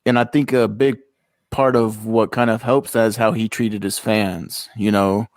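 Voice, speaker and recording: A man co-hosting a podcast, casually telling a story and getting animated when he quotes people. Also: lowish voice, unhurried, no room sound. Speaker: podcast co-host.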